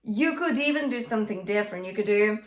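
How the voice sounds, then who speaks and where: A woman's voice: mid-range voice, lively intonation, quick pace. A young adult woman vocal coach giving a singing lesson, encouraging and breaking into sung examples. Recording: roomy echo.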